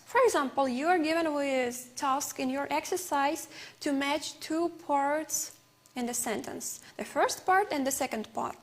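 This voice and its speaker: A woman teaching an English lesson on television, a non-native speaker whose first language is Uzbek, who explains slowly with repeated examples and fillers. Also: sits high.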